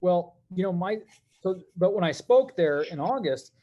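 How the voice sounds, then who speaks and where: A middle-aged man telling stories as a podcast guest, animated and quick, with many fillers. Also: high voice, highs cut off. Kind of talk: conversational podcast interview.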